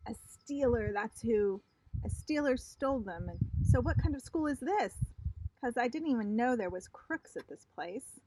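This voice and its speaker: A woman voicing a spunky, dramatic little girl who shouts and whines indignantly. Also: a little high, lively intonation, a little slow, dry recording, low-quality recording.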